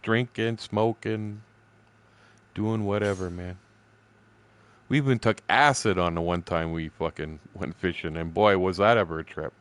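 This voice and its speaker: A man's voice: low voice, measured pace. A man in his sixties casually telling profane, rambling fishing stories while streaming a game, laughing often. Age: 60s.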